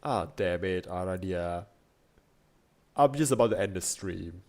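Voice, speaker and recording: Rambling young male streamer, low voice. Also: expressive, measured pace, creaky, darkish tone. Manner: rambling, many fillers and restarts, frequent laughs. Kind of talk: casual stream chat.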